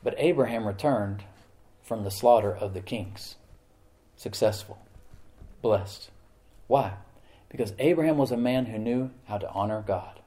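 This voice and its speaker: A man's voice: on the low side, unhurried, long pauses, dark tone. A middle-aged man preaching a sermon as pastor, talking conversationally and often asking the congregation questions.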